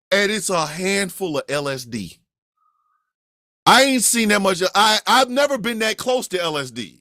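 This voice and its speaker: A man from Kansas City telling a comedic story on a podcast. He talks in an animated, profane way, acting out the voices of the people in it and breaking into shouts. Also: sits high, moderate pace, no echo, studio quality. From Kansas City, USA.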